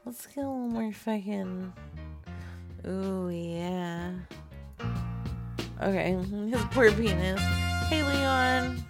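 A woman's voice: on the high side, a little slow, soft background music. A woman streamer in casual chat, crude, profane and giggly.

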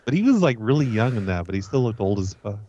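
A man's voice: on the low side, sing-song, quick pace, warm tone, muffled recording. Swearing, joking male co-host. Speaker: podcast co-host. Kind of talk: casual crude banter.

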